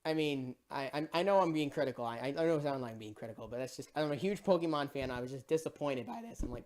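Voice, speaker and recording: A movie reviewer in a casual ranting review, excitable and exasperated, swearing and repeating "bro". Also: medium pitch, fast talker, few pauses, a little hiss or hum.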